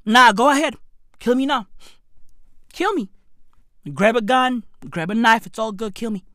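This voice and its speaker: A woman's voice: fairly high pitch, unhurried, a bit bright, no room sound, studio quality. A woman giving a profane, theatrical rant of mock despair in a vlog. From South Africa. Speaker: online commentator. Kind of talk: ranting vlog commentary.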